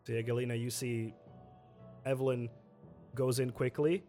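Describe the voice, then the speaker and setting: A man running a tabletop game online as game master, who apologizes and laughs often and slows down to narrate scenes. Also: medium pitch, steady tone, mellow, faint music behind. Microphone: streaming setup.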